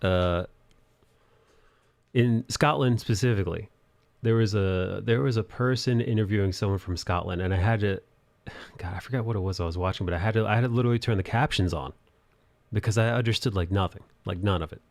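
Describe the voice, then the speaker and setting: A man's voice: on the low side, a little fast, vocal fry, a little mellow. A young man hosting a live drawing stream, chatting loosely, laughing and thanking viewers for their support. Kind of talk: casual live-stream chat. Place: apartment in an old city building.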